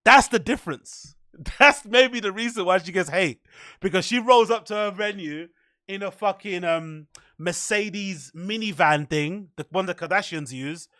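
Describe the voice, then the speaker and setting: Man, podcast host, higher voice, dry close sound, swearing mockery. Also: measured pace, no room sound. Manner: profane, mocking, animated. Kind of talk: rambling casual commentary.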